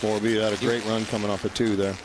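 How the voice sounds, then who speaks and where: Low-voiced male color commentator, relaxed stories, loud track noise behind. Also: racing. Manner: anecdotal, relaxed storyteller. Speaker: race commentator. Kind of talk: live race commentary.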